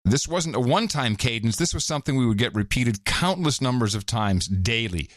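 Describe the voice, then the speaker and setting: A man hosting a podcast, chatting casually and reading listener notes aloud in an animated way. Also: mid-range voice, fairly quick, no room sound, studio quality. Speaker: podcast host. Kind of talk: casual chat.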